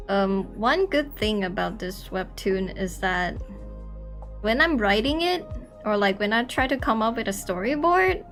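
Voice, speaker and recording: Slow-talking young woman streamer, rambling. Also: mid-range voice, fairly bright tone. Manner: rambling, self-conscious, laughs often. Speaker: artist streamer. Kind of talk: casual streaming chat while drawing.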